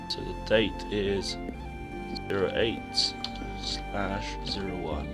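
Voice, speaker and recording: A rambling man with a low voice, hoarse from a sore throat, talks casually to his viewers while he plays. Music runs clearly underneath. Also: fairly even intonation, slow pace. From England. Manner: chatty, rambling, talks to chat while playing. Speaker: game streamer. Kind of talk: casual live-stream gaming commentary. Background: background music.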